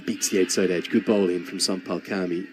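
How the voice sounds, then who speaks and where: Low-voiced male cricket commentator. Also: steady tone, brisk, over music. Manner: rambling storyteller with frequent restarts. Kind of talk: live commentary mixed with a chatty anecdote.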